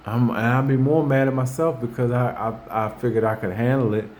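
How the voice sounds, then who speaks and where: A man speaks fairly quickly in a medium-pitched, slightly mellow voice with fairly even intonation, hosting a casual conversation about faith and everyday life. He rambles, says things twice, restarts, and acts out people's words, with slight background noise present.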